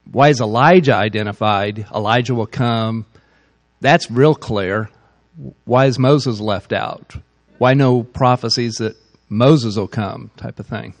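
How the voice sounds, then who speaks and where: A man in the audience asking a speaker a question, hesitant and repeating himself. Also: mid-range voice. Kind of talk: question from the floor. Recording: long hall reverb.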